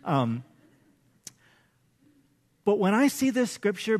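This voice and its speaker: A man's voice: high-pitched, very animated, a little slow, pauses often. A middle-aged man, a pastor, preaching a conversational sermon with casual storytelling and self-deprecating humor.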